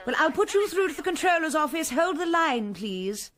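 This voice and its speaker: An actress playing a prim, correct receptionist in a radio comedy. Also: female voice, high-pitched, big pitch swings, normal speed, a bit bright. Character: prim young female BBC receptionist.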